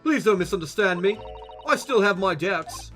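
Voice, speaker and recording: Guy doing a snooty british detective, bad fake british accent, high bright voice. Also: animated, moderate pace, faint music behind. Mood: suspicious. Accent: put-on British, deliberately bad. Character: haughty British gentleman detective, suspicious.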